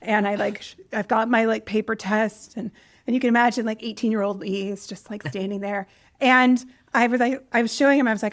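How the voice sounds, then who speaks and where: Woman host from rural california, higher voice, chatty and self-deprecating. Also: brisk. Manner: animated, self-deprecating storyteller. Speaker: podcast host. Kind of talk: casual conversational interview.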